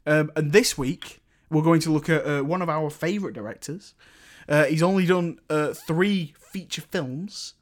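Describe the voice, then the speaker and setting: A young man co-hosting a casual film podcast, talking in a rambling, halting way full of fillers. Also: fairly high pitch. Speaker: podcast co-host.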